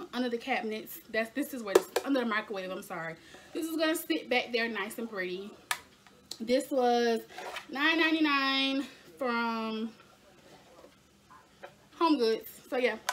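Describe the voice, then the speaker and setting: Chatty high-voiced young woman vlogger. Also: a bit bright, a little hiss or hum. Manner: chatty, addresses viewers as y'all. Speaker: lifestyle vlogger. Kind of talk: casual haul video chat.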